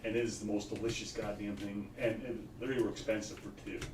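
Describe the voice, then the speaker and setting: A man's voice: lowish voice, level tone, brisk. Emphatic man, distant echoey mic. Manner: emphatic, enthusiastic about food. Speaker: puzzle livestream co-host. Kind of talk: casual chat. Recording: echoey room, mic far off, noisy.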